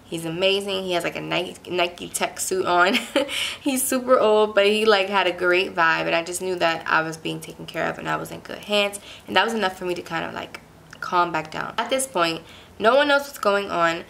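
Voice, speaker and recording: A woman's voice: lowish voice, moderate pace, creaky, a bit bright, a little hiss or hum. A young woman from Pittsburgh telling a personal story in a casual, chatty way, full of "like" fillers and emphatic retelling. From Pittsburgh, USA. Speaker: vlogger.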